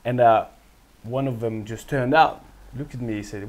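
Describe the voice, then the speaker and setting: A French-accented former footballer, a guest in an interview, relates his story in English at a moderate pace and medium pitch. Animated and often laughing, he plays out the people he talks about by mimicking their voices.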